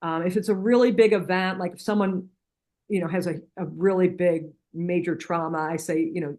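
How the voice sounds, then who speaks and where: A middle-aged woman with a fairly low voice and a moderate pace appears as a guest practitioner from a healing center. In an earnest, conversational interview she explains techniques and tells stories, often restarting her sentences and acting out retold dialogue with energy.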